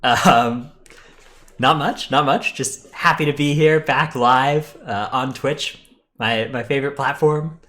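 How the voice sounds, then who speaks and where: A man's voice: medium pitch, takes it slowly, fairly bright tone. A man co-hosting a live-streamed gaming podcast in casual chat, talking easily with many fillers and restarts. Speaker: podcast co-host.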